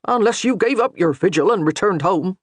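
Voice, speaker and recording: A man's voice: high-pitched, animated, fairly quick, no room sound. A man voicing a harried but patient castle steward in a medieval audiobook. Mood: earnest. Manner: earnest, strained patience.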